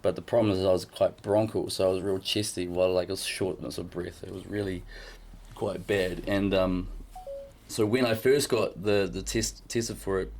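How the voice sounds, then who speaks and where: A man chatting on a podcast in a somewhat low voice. He tells his story in a loose, rambling way, filling it with "like" and "you know." He is frank and swears without thinking about it. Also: fairly even intonation, moderate pace, darkish tone, slight background noise. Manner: rambling, filler-heavy storytelling. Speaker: podcast co-host. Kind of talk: casual podcast chat.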